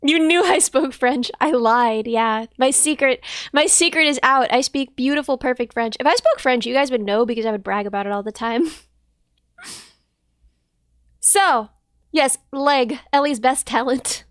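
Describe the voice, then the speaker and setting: A woman livestreaming in a casual, playful chat with viewers, her voice a bit hoarse, thanking people and joking about herself. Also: high voice, measured pace, no room sound, studio quality.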